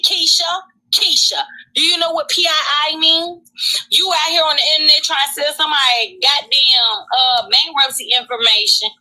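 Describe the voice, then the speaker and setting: A woman's voice: sits high, bright, forceful tone, low-quality recording. A woman hosting a casual live stream, ranting bluntly and profanely and repeating herself for emphasis.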